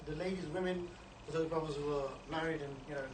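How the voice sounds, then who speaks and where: A man's voice: fairly even intonation, fast. A man giving an informal training talk to a group, chatty and often checking in with "you know" and "yeah?". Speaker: street outreach trainer. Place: indoor meeting room. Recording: low-quality recording, distant mic in an echoey room with background noise.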